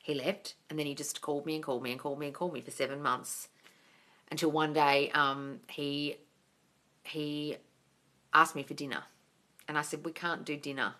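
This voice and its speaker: This woman, a manifestation coach, hosts a live-stream Q&A where she reads viewers' comments aloud and answers them bubbly, often squealing and laughing. Her voice is deep and bright with a forceful tone, fairly even intonation, normal speed, and frequent pauses.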